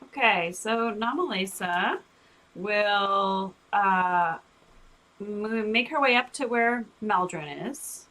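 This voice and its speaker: Woman, tabletop player, slow, bright tone, thinks out loud. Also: mid-range voice, low-quality recording. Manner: unhurried, thinking aloud. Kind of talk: casual chat.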